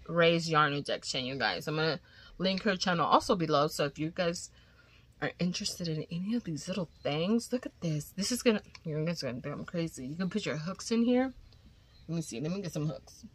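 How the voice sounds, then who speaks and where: A woman's voice: lowish voice, pushed and bright, dry recording. A woman vlogger chatting casually and gushing as she unboxes crochet gifts, cursing now and then.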